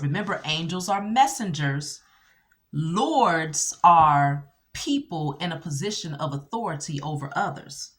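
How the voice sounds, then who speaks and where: A woman teaching scripture casually, animated and full of rhetorical questions. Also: lowish voice, unhurried. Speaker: Bible teacher.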